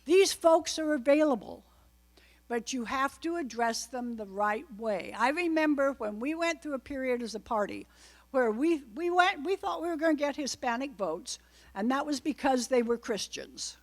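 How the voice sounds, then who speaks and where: Woman guest speaker with a raised pitch, addressing a club audience loosely and wryly, with many digressions. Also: lively intonation, normal speed. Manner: chatty, wry asides, frequent digressions. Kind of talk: informal political talk to a live audience.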